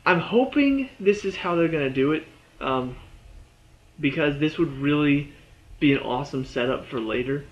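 Man, casual TV episode review, rambling, slightly high voice, muffled lo-fi audio. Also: animated, normal speed. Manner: rambling, lots of "you know" and "like".

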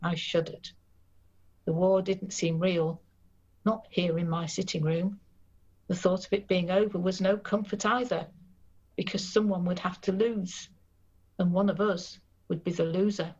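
A woman novelist reading from her book and talking about it in an interview, steady and measured, in a dull recording. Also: on the low side, breathy edge. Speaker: novelist guest. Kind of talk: reading aloud then interview.

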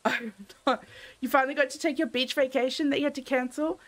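A woman's voice: sits high, steady tone, normal speed. A young woman commenting casually while streaming a game, grumbling to herself in theatrical exasperation.

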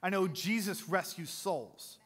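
This pastor's voice sits high and is a bit bright and husky, and he preaches a little slowly. His sermon is conversational and full of jokes, with questions to the congregation between earnest points, recorded in a church sanctuary with long hall reverb.

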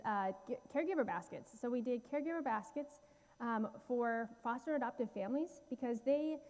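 A woman's voice: fairly high pitch, a little mellow, big-room sound. A woman guest speaker giving a heartfelt church talk about slides, earnest and full of fillers and restarts. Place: church sanctuary.

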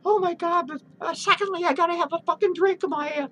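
A crude, boozy old man rants into his webcam, swearing nonstop and breaking into cackles, as a woman plays him. The voice sits very high. He rambles from one gripe to the next in a comic vlog. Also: quick pace, pushed and bright, low-quality recording. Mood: ranting. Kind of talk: comedic character vlog rant.

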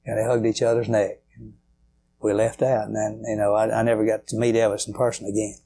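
A man's voice: fairly low pitch, little pitch movement, fast talker, vocal fry, dark tone. An older man, telling rambling, folksy stories as a guest in an interview. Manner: rambling, folksy, many fillers. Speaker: guitarist guest. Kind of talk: storytelling interview.

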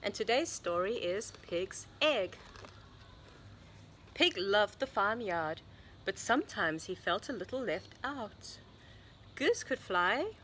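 A preschool teacher, a woman, reading a picture book aloud to young children in a sing-song storybook voice with hushed asides. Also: mid-range voice, very animated, takes it slowly, pauses often, slight background noise. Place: home or classroom, recording online lesson.

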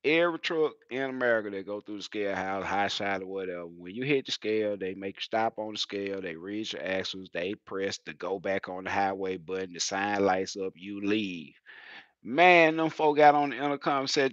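A man who drives heavy-haul trucks, chatting casually on a livestream as an animated storyteller who laughs often. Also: lowish voice, fairly quick, no echo, lo-fi sound.

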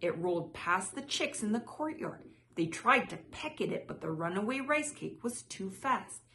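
A woman reading a children's picture book aloud in a soft, measured way. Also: mid-range voice, very animated. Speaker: storyteller.

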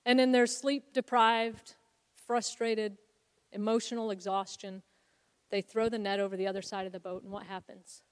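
A woman preaching a sermon as co-founder of a ministry, telling a Bible story in an earnest, reflective way. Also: medium pitch. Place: church sanctuary. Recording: long hall reverb.

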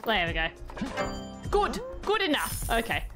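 A woman giving let's-play commentary on her gaming channel. Her voice is fairly high and swings in a lively way as she chats, cheers on characters and laughs. Faint music plays behind. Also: measured pace. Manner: chatty, laughing, talks to game characters.

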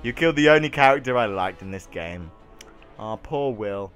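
A young man doing let's play commentary on a video game, excitable, dropping from low mutters to loud yells. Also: moderate pace, clear, resonant tone, faint music behind. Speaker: gaming YouTuber.

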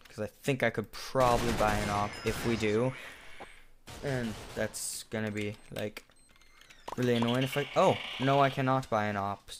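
A man with a fairly low voice talks through his own shooter match in a casual, chatty way. He pokes fun at his own play and breaks into sudden excited outbursts. A clear hiss sits under the voice, with keyboard clicks and in-game gunfire behind him. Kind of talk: casual gameplay commentary. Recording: noisy home recording with background hiss.

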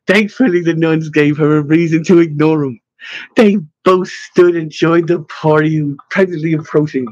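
A man narrating an audiobook in a measured, gentle way. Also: a little high, steady tone, no echo. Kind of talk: scripted narration. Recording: slightly dull, dry recording.

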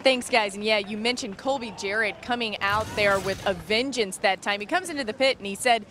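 A woman's voice: mid-range voice, brisk, fairly bright tone, slight background noise. A woman giving an upbeat, fluent sideline report at a paintball tournament. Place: outdoor paintball field.

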